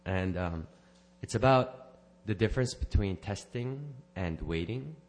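A man with a fairly low voice, animated and unhurried, tells a church gathering his personal testimony as a member of the church. His delivery is earnest and unscripted, rambling with restarts, self-corrections, and small laughs.

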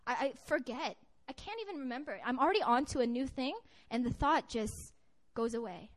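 Woman, high-pitched, earnest sermon, conversational, personal testimony, frequent restarts. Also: expressive, a little fast. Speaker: preacher.

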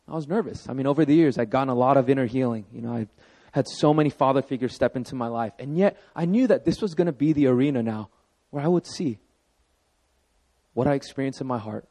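A man in his thirties preaching a sermon as pastor, telling a personal story with animated emphasis. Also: mid-range voice, brisk.

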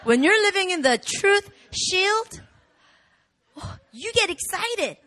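A woman pastor preaching a sermon, animated and rising to shouts in the swells of her message. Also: very high voice, slow pace. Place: church hall.

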